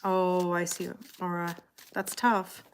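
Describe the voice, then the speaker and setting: A woman's voice: on the low side, flat delivery, slow, slight background noise. A middle-aged woman with a Canadian accent, chatting with viewers by name and reading tarot on a live stream. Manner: chatty, greets viewers by name, reads out comments. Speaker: tarot reader.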